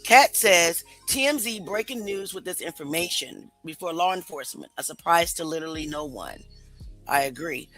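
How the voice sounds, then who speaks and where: A woman hosts a live stream with a bright voice. She talks skeptically, puts questions to her viewers and reads their comments aloud. Faint music plays behind her. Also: lowish voice, animated, moderate pace, rough recording. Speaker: host.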